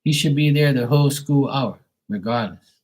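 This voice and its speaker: A man reading tarot on a live stream, chatting bluntly to a viewer, swearing freely and getting animated when worked up. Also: mid-range voice, normal speed, rough recording. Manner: blunt, swears often, talks straight to a viewer. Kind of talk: casual live-stream chat.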